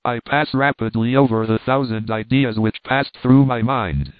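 A man reading a classic adventure novel aloud in a measured, dramatic first-person narration. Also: medium pitch, dry recording. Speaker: audiobook reader. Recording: dry, phone-like narrow sound.

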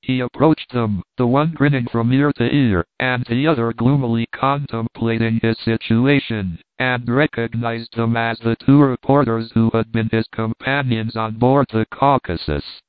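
A man reading a classic adventure novel aloud in a measured, even storytelling manner. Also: medium pitch, clean tone, no room sound. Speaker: audiobook reader. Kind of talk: scripted narration. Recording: tinny phone-like dry sound.

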